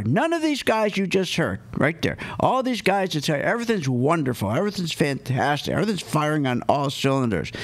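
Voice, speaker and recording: Brief: male talk radio host, higher voice, very lively swings, emphatic and repetitive. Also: vocal fry. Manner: emphatic, repeats key points, rhetorical questions. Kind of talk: opinionated talk radio monologue.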